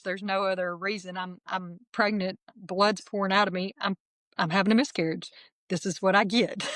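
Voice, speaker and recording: Lady telling her story on an interview show, earnest, restarts a lot, laughs softly, middle pitch, dry room. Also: dry recording. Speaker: interview guest sharing her testimony. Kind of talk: emotional personal testimony.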